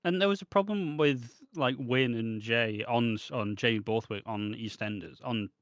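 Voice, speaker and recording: A man's voice: medium pitch, moderate pace, no echo, studio quality. A man co-hosting a podcast, chiming in casually with short, laid-back remarks. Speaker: podcast co-host.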